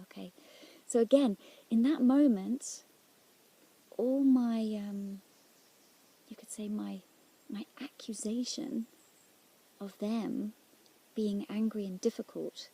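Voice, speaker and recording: A woman telling of a prayer experience in a reflective, halting way, often dropping into near-whispers. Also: medium pitch, creaky, breathy edge. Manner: soft-spoken, drops often into near-whispers; halting and searching, with restarts. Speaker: Christian speaker sharing a prayer experience. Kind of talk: reflective personal testimony.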